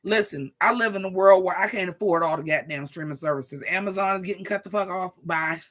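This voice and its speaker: A vlogger in their forties ranting casually to viewers in a profane, sassy, animated way. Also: medium pitch, brisk. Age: 40s. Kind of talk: casual rant to camera.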